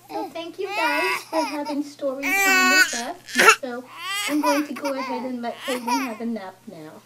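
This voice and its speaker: A woman's voice: high-pitched, measured pace. A woman reading a picture book aloud to a doll at home, in sing-song baby talk, as a vlogger. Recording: loud background noise.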